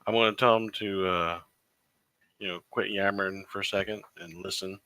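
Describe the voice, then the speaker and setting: Man, player, blunt, lowish voice, dry sound. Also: fairly even intonation, moderate pace, pushed and bright, clean tone, no echo, low-quality recording. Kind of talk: tabletop game play.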